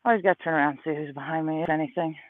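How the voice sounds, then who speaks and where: A man's voice: on the high side, steady tone, rapid-fire, no echo. A man in his thirties rambling through stories on a casual livestream while walking uphill outdoors, a little out of breath. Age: 30s. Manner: rambling, storytelling. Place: outdoors on a hillside. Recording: tinny phone-like sound.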